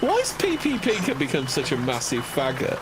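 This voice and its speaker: A man's voice: a little high, huge pitch swings, normal speed, noisy background. A man on a stream call, swearing freely, mocking others and laughing often in crude banter.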